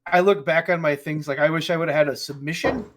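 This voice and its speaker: Profane, excitable man, slightly high voice. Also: fast talker, noisy background. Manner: swears freely, laughs through animated stories. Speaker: podcast co-host. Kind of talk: casual chat.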